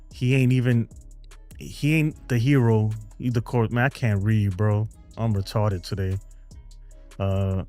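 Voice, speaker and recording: A man with a mid-range, slightly mellow voice hosts a casual baseball fan live stream from home, reading viewer comments. He laughs often and says "man" and "bro" a lot.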